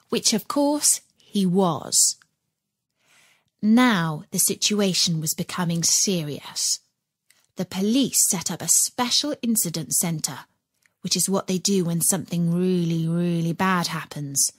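A woman narrating a children's audiobook in an expressive storytelling way. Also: lowish voice, slow, no room sound.

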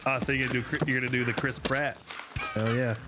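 A man's voice: medium pitch, flat delivery, fast, over music. A man joking and teasing his squad mates during an online game. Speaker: streamer and squad player. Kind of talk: casual game chat.

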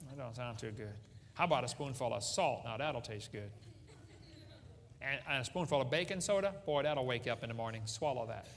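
A man's voice: mid-range voice, bright, forceful tone, a little hiss or hum. A middle-aged man preaching with folksy humor at a seminar, joking and asking the audience questions. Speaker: creationist speaker. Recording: hall reverb with faint ambience.

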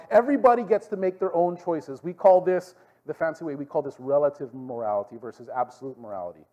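A man with a Hawaiian Pidgin-tinged accent teaching a youth group, telling stories animatedly and checking in with "okay?". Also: sits high. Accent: Hawaiian Pidgin-tinged English. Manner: animated storytelling, frequent "okay?" asides to the room. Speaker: youth pastor.

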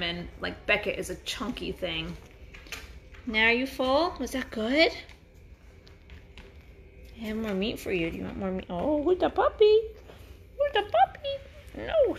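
A woman's voice: medium pitch, fairly bright tone, a little hiss or hum. A woman vlogging on her farm, chatting casually and cooing at her dogs in a singsong voice, laughing easily. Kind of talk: casual talk to dogs and camera.

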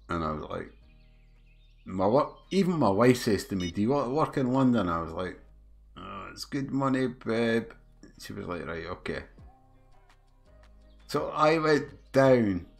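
A middle-aged Scottish man chatting with his live viewers as he streams a game, telling a story with laughter, swearing and restarts. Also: on the low side. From Scotland. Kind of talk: casual chat with live viewers. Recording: faint music behind.

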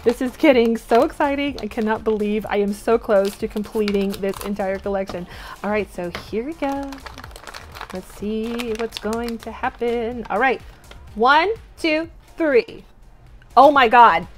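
A young woman with a bright, high voice talks through a toy unboxing in a bubbly, gushing way. Faint music plays softly behind her. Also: a little slow. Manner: bubbly, gushing, bursts into squeals and cheers. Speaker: toy unboxing channel host. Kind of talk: excited unboxing vlog.

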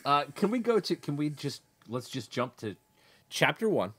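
A man's voice: a little high, very animated, normal speed, a bit bright, breathy edge. A man co-hosting a casual book discussion podcast, blunt and sarcastic in a laid-back way. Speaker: podcast co-host.

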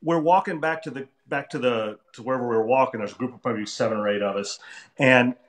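A man's voice: mid-range voice, fast. A man casually telling rambling, funny stories, restarting sentences and quoting people as he goes. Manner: chatty, rambling anecdotes with restarts and quoted voices. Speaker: artist telling stories on a Q&A stream. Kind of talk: casual storytelling. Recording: echoey room.

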